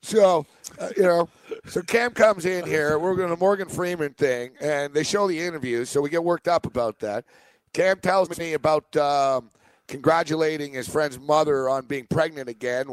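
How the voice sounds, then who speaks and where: A man's voice: fairly high pitch, normal speed, clear, resonant tone, dry recording. A man co-hosting a radio show, chatting casually and animatedly telling stories, often slipping into quoted voices. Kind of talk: casual banter.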